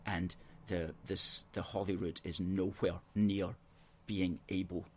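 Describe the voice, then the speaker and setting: A man hosting a political call-in show, arguing his points in a measured, earnest way and reading out viewer comments on a studio microphone. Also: deep voice, flat delivery.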